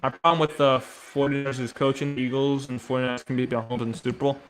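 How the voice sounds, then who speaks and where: A man's voice: little pitch movement, fast talker. Chatty man calling baseball live. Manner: chatty, reacts to chat between pitches. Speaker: live sports commentator. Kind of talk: casual live play-by-play.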